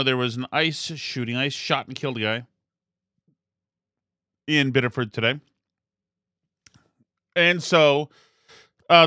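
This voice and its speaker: A man's voice: on the high side, bright, forceful tone, no room sound, studio quality. A man hosting a podcast, talking casually and rambling through his story with frequent restarts. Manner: rambling, self-interrupting. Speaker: podcast host. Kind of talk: casual commentary.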